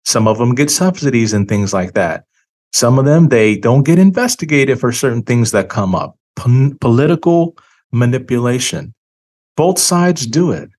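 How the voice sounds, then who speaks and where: Here a male finance host talks at medium pitch, animated and a bit mellow, through an opinionated monologue. A touch of tiredness shows, but he still stresses key words emphatically, dragging them out.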